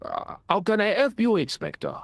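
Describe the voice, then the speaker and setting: A pompous old French ex-soldier. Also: male voice, high-pitched, wildly swooping pitch, normal speed, creaky, dry recording, exaggerated voice. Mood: boastful. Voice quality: pompous, theatrical chuckling. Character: boastful elderly French ex-soldier, pompous and theatrical. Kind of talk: video game voice acting.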